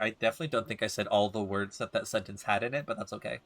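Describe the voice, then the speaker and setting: A man's voice: on the low side, fairly even intonation, racing, few pauses, a bit bright, dry recording. A man streaming a game, making joking, irreverent asides as he plays. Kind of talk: casual commentary over a game.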